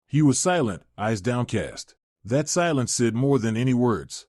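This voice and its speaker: A man narrating a scripted first-person story in a steady, measured delivery. His pitch moves around lively, and the recording is dry and close. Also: dry recording.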